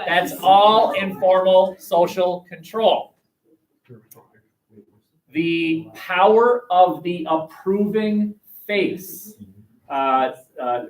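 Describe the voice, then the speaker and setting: A man lecturing a sociology class, animated and acting out quoted voices. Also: a little high, low-quality recording. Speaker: sociology teacher.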